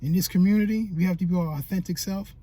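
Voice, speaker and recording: A high-voiced man with a husky, breathy tone talks through a painful memory in a vlog. He sounds tearful, colloquial and heartfelt, circling back over his words. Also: fast, dark tone. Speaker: YouTube creator. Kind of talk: emotional personal storytelling vlog.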